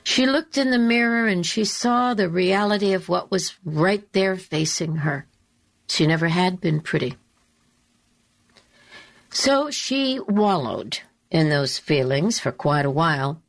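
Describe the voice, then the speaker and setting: Slow, low-voiced woman radio host. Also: expressive, vocal fry. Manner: slow, deliberate and emphatic, repeating key phrases. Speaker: radio talk show host. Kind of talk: storytelling monologue.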